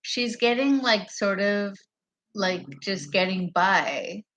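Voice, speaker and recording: A woman's voice: mid-range voice, takes it slowly, a bit bright. A woman vlogger talking to her camera in a meandering, profane monologue that often loses its thread. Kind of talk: rambling casual monologue to camera. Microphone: camera mic.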